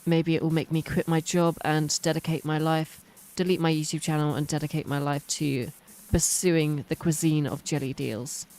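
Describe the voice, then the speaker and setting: A woman's voice: deep voice, little pitch movement, moderate pace, darkish tone. A British woman streaming a game, chatting casually in rambling, self-mocking tangents. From United Kingdom. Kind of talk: casual chat while playing a game.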